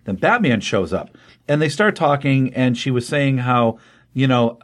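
A man with an average-pitched voice talks through a comic book plot in a loose, casual way. He rambles, restarts sentences and fills gaps with ums, slipping into the characters' lines as he goes. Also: animated, a little slow. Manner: rambling, many ums and restarts, acts out quotes lightly. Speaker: podcast host recapping a comic. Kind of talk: casual spoken recap.

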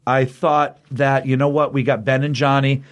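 A man's voice: mid-range voice, little pitch movement, moderate pace. Man musing aloud about comics. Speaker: podcast co-host. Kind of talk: casual chat about comics.

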